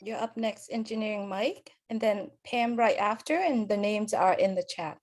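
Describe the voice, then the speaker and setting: A woman's voice: medium pitch, normal speed. A woman moderating a live webinar on a video call, politely giving instructions and calling on speakers. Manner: polite, gives clear instructions.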